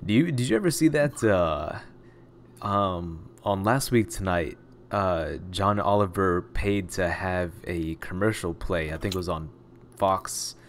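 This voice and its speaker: A man's voice: sits low, a little slow, slight background noise. A man co-hosting a casual podcast chat, laid-back and making dry asides. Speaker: podcast co-host.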